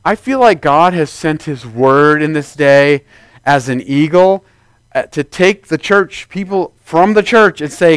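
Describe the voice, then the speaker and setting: A man's voice: fairly high pitch, expressive, unhurried, smooth, no room sound. A man preaching a sermon as pastor, in a conversational way, acting out quoted voices along the way.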